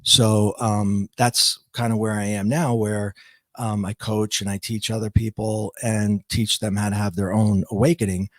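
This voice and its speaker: A middle-aged man, a podcast guest, telling a personal story in a reflective, halting way with frequent restarts. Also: on the low side, flat delivery, no room sound.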